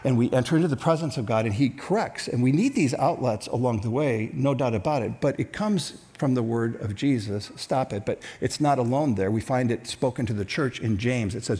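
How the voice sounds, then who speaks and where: A man's voice: medium pitch, brisk, hardly any pauses. A man preaching a sermon as pastor to several church campuses and viewers online, acting out voices as he goes. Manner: animated, acts out grumbling voices.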